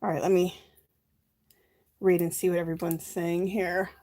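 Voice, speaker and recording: A woman's voice: lowish voice, little pitch movement, measured pace, dark tone, dry recording. A middle-aged woman chatting casually on a home craft livestream, greeting viewers by name and a bit out of breath. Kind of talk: casual live-stream chat while crafting.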